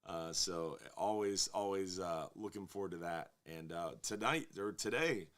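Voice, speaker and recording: A man's voice: low-pitched, measured pace, a bit bright. A man hosting a casual live fishing show, rambling and joking with viewers. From Florida. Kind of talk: casual live-stream chat.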